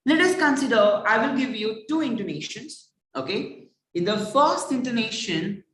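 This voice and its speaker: A male soft skills trainer giving a motivational lecture, talking straight to the listener as "my friend" and swooping his pitch up and down for emphasis. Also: lively intonation, moderate pace, slight background noise. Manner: rhetorical, keeps addressing the listener as "my friend". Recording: echoey room, distant mic.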